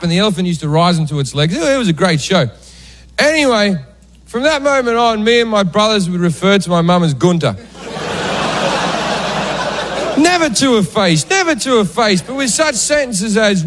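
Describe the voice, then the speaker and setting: A man's voice: high voice, brisk. Man telling a stand-up story. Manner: deadpan storytelling with sudden raised acted outbursts. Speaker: stand-up comedian. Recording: live club recording with audience noise.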